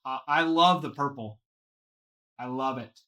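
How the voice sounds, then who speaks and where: Excitable man hosting a card break. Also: mid-range voice, a little slow. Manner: excitable, gushing over each card; talks to viewers by name. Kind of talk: live card box break.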